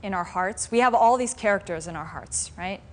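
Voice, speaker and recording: A woman's voice: medium pitch, normal speed. A woman meditation teacher telling a story and teaching a live class in a reflective, conversational way. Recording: faint room noise from a live stream.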